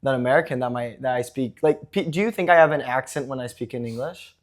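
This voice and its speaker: A man's voice: medium pitch, quick pace. Young podcast host guy, grew up in mexico, chatty, lots of likes and you knows. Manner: laughs easily, chatty, many fillers. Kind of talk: casual chat.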